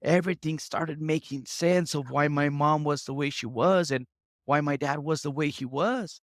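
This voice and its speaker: A man in his thirties, a podcast guest, speaking tearfully in an earnest, halting way and often repeating himself. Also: a little high, dry recording, clean studio sound. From United States and Mexico. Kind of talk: emotional interview talk.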